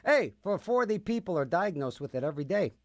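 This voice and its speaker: A man's voice: high-pitched, very animated, brisk. A man hosting a radio music show, chatting casually between songs with rambling, sarcastic jokes. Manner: rambling, jokey, sarcastic asides.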